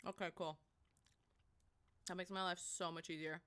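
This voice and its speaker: A woman's voice: lowish voice, level tone, moderate pace, fairly bright tone, clean tone. A young woman streaming, chatting casually and rambling to her viewers. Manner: chatty and rambling, talks to chat. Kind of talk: casual live-stream chat.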